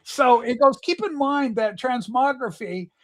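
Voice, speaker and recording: A man with a notably high-pitched voice chats on a livestream. He tells stories with eager, rambling enthusiasm, talking straight to his viewers. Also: unhurried. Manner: chatty, enthusiastic storyteller. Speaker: livestream host. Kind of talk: casual chat.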